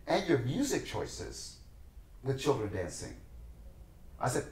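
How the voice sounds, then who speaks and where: A man's voice: mid-range voice, wildly swooping pitch, slow pace, pauses often, echoey room, low-quality recording. A man, a dancer and teacher, telling stories as a podcast guest with passion, acting out the people in them. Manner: passionate, acts out voices in his stories. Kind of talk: animated storytelling in conversation.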